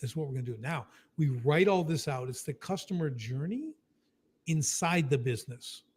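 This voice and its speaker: A man's voice: on the high side, lively intonation, husky. A man explaining business strategy in a casual, emphatic way, often tagging "right?" and acting out short exchanges. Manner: emphatic, keeps adding "right?", acts out quick dialogue. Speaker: business coach.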